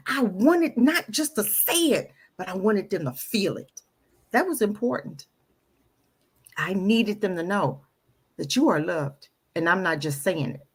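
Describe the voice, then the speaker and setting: A woman's voice: mid-range voice, husky. A middle-aged woman talking candidly about her past as a guest, emphatic and repeating phrases for stress. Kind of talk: candid personal storytelling. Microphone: audio-only radio show recording.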